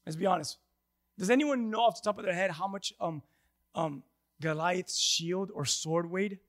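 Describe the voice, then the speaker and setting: A pastor preaching to his congregation, swinging between loud emphatic lines and hushed passages. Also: sits high, moderate pace. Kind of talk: sermon.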